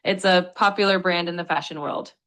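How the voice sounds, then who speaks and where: A synthetic-sounding woman tutor with a bright, crisp edge to her voice. She explains vocabulary patiently, staying polite and upbeat throughout. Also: lowish voice, steady tone, fairly quick. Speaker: AI English tutor.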